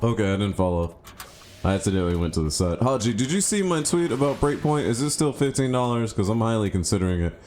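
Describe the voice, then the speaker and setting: A man streaming a game live, chatting casually and thinking out loud, with sudden excited yelps. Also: on the low side, quick pace, slight background noise. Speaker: gaming streamer. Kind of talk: casual live gameplay commentary.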